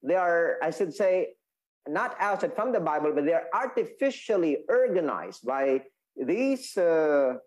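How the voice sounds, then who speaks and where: Guy teaching bible study, kinda higher voice, stops and restarts a lot. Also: very animated, darkish tone, low-quality recording. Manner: explaining, repeats and restates points, halting with fillers. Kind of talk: Sabbath school lesson.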